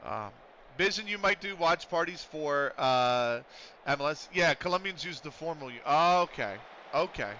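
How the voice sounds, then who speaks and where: A chatty man talks through a game stream in a bright, forceful voice pitched a bit high. He rambles from story to story and swears casually. The audio is a little dull and lo-fi. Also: expressive, moderate pace, a little hiss or hum. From United States.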